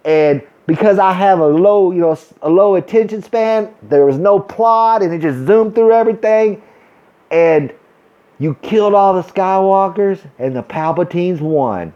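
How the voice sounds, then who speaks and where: A man ranting in a vlog, thick with sarcasm and exaggerated mock excitement. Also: high voice, slow, highs cut off. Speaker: vlogger. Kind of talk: sarcastic rant.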